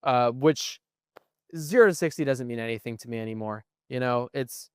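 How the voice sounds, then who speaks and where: A man's voice: mid-range voice, moderate pace, clear, resonant tone, no echo, clean studio sound. A young man co-hosting a podcast, explaining things at length in casual chat and often asking "right?". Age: young adult. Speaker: podcast co-host. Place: museum.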